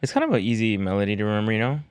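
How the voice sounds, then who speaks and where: A man's voice: on the low side, expressive, rapid-fire, smooth, no room sound. A man co-hosting a comedy podcast, bantering casually, swearing freely and teasing his co-host.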